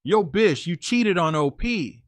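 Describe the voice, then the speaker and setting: A man's voice: sits high, lively intonation, measured pace, no echo, pitched above the performer's own voice. A man voicing a brash, towering young Eastern European man who talks in blunt, clipped slang, in a dry recording.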